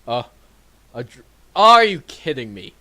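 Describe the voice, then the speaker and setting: A young man reading a story and commenting on it in a wry, lively way. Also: medium pitch, measured pace. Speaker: reader and editor.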